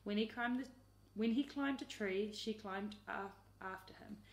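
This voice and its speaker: A woman teacher reading a picture book aloud in a lively, expressive way. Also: mid-range voice, unhurried. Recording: roomy echo.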